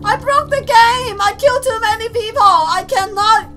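Very high, excitable woman gamer. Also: moderate pace, faint music behind. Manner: excitable, gleeful, shouting and playfully menacing. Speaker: gaming streamer. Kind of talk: let's play commentary.

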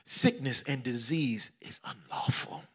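A middle-aged man preaching a sermon, swinging between loud exclamations and hushed whispers, repeating phrases and calling out questions to the congregation. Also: mid-range voice, very animated, a little slow, slightly rough. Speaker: pastor.

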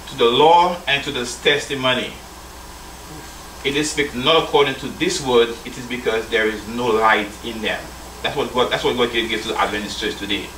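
His medium-pitched voice sounds pushed and bright as this church elder preaches a sermon. He reads scripture aloud, calls his listeners brethren, and prompts them to answer. Slight background noise and a roomy, distant-mic quality come through.

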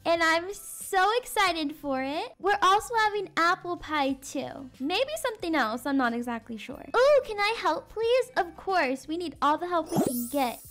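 A young woman voicing a sassy, animated mom in a game roleplay. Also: very high voice, normal speed, hardly any pauses.

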